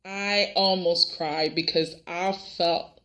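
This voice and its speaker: Bright-voiced woman giving a casual reaction review. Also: lowish voice, slow. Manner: animated, exasperated, talks straight to viewers. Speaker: soap opera reviewer.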